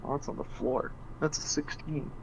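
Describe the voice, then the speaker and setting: A man's voice: on the high side, fairly even intonation, normal speed, creaky, slight background noise, rough recording. A man playing a tabletop game, chatting loosely and swearing casually. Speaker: player.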